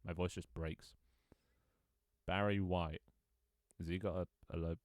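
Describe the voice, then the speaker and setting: Deep-voiced male gaming streamer, playful and joking, dry close sound. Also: fairly even intonation, measured pace, pauses often, no room sound. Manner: playful, joking, chuckles often. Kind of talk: casual gameplay chat.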